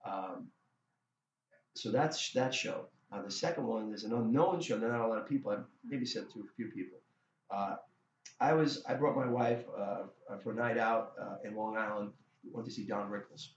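A middle-aged man, a guest musician, telling a story in a casual interview, animated and full of restarts and stammers. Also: lowish voice, moderate pace, a little hiss or hum. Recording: roomy, dull lo-fi sound.

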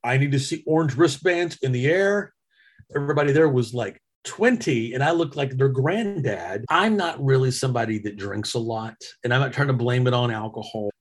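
A man's voice: medium pitch, animated, normal speed, slightly rough. A middle-aged man hosting a podcast, telling a story in a casual, self-mocking chat. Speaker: podcast host.

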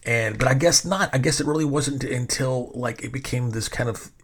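A man's voice: mid-range voice, normal speed. A man in his forties hosting a podcast in a casual, rambling monologue, full of fillers. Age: 40s. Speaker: podcast host.

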